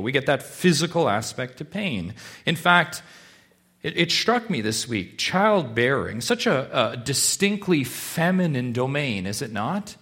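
A man preaching a sermon to his congregation, asking rhetorical questions and swinging from hushed, slow stretches to loud, emphatic ones. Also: medium pitch. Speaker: pastor.

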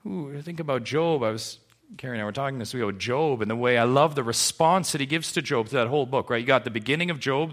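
A man's voice: on the high side, fairly bright tone. A male pastor preaching a Sunday sermon in church, emphatic and full of rhetorical questions. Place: church service.

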